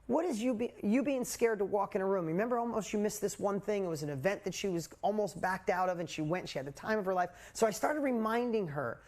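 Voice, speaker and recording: A coach in his forties hosts a live group call over video, telling a personal story in a candid, animated way with casual swearing. His voice sits high, and he talks fast with few pauses.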